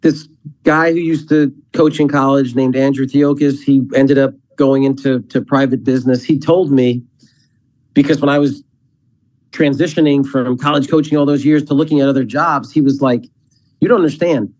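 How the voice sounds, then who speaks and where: A man who works as an athletic director, a guest on a casual podcast, talking in halting runs and repeating words as he thinks. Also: mid-range voice, steady tone, a little mellow, rough recording.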